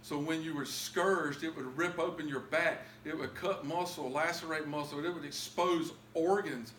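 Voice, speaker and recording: A man's voice: on the high side, steady tone, normal speed, few pauses, fairly bright tone, reverberant, slight background noise, poor audio. Emotional man giving personal testimony. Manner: emotional, repeats words, builds to cries. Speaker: testimony speaker.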